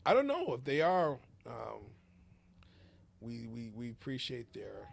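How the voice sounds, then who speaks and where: A man commentating a school soccer game in a relaxed, talkative, joking way. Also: medium pitch, measured pace, vocal fry, slight background noise. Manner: talkative, laid-back, jokey. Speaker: sports commentator. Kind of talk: casual play-by-play chat.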